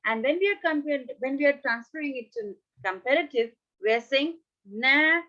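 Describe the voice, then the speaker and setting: A woman teaching an English grammar lesson online, repeating words slowly and checking in with "right?" and "okay?". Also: high-pitched, lively intonation, muffled recording.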